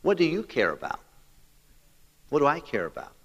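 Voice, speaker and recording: Male pastor, fervent sermon delivery with direct appeals; voice on the high side, long echo of a hall. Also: wildly swooping pitch, normal speed, breathy edge, muffled recording. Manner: preaching with rising emphasis and direct appeals.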